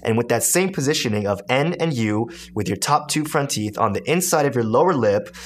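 Male beatbox tutor, animated, explanatory delivery. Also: mid-range voice, fairly quick. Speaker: beatbox teacher. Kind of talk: tutorial instruction.

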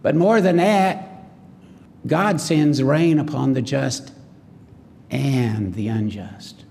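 A man's voice: medium pitch, slow, gravelly, a little mellow, big-room sound. A man preaching a sermon in a folksy way, often asking the congregation questions.

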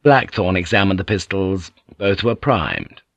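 A man narrating an audiobook in a measured, even storytelling manner. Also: low-pitched, no echo. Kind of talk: scripted narration.

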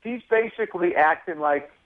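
A male comedian telling stories in a casual interview, lively and acting out other voices. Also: high voice, normal speed, no echo. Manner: animated storyteller, acts out voices. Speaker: comedian guest. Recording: tinny phone line.

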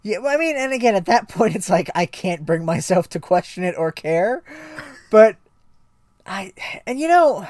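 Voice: mid-range voice, sing-song, normal speed, a little mellow, no echo. Rambling podcast co-host, dry sound. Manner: rambling, many restarts and fillers, swears. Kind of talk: casual comedic chat.

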